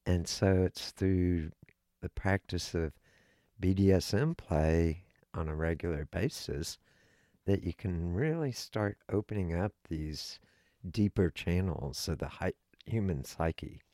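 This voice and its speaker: Slow, gravelly low-voiced man. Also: dark tone, dry recording, studio quality. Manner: slow, deliberate and instructive. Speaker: podcast co-host. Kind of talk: casual podcast chat.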